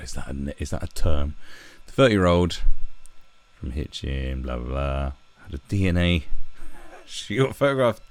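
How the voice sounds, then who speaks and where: A man's voice: deep voice, dry recording. A man hosting a livestream, reading and mocking a news story with sarcastic, profane asides. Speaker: livestream host. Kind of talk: ranting commentary on a news story.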